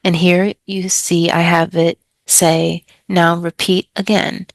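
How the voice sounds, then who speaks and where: A woman ESL tutor explaining a trial lesson step by step, slowly over-enunciating example words to model pronunciation. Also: lowish voice, little pitch movement, no echo. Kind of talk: teaching tips, modeling pronunciation.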